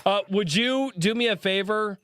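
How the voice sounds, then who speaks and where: A man with a high, bright voice hosts a casual podcast. He teases his guest with crude jokes and laughs easily. His voice sounds close and dry. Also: normal speed, smooth, no room sound. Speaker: podcast host.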